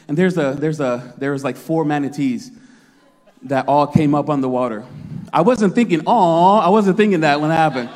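A man in his thirties preaching a sermon, telling a story with lots of laughter and acted-out shouts. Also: sits high, big-room sound. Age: 30s. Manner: animated storytelling, laughing often, acting out his own shouts. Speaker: pastor.

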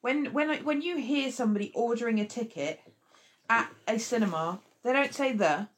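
A woman's voice: fairly high pitch, moderate pace. A woman co-hosting a casual chat, sharing anecdotes in a chatty way. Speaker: podcast co-host.

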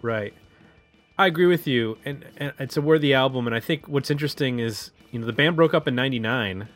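A man's voice: mid-range voice, brisk, soft background music. Casual male podcast co-host. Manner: conversational, hesitant fillers. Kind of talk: casual album review chat.

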